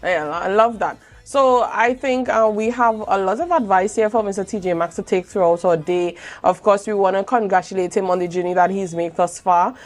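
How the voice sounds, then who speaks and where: A woman's voice: medium pitch, normal speed, hardly any pauses, faint music behind. A woman hosting a morning show, interviewing a guest with encouraging, affirming remarks. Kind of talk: casual interview chat.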